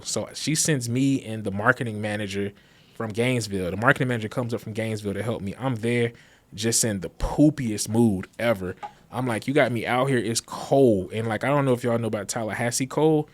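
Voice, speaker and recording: A man in his thirties, a designer and guest, telling stories in a casual chat and acting out the dialogue. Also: on the low side. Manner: lively storyteller who acts out quoted dialogue. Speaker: guest, graphic designer and business founder.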